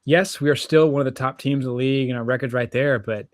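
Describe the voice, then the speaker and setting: A man's voice: mid-range voice, steady tone, fast, no echo, clean studio sound. A young man co-hosting a sports podcast, talking casually and hesitantly with many fillers. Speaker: podcast co-host.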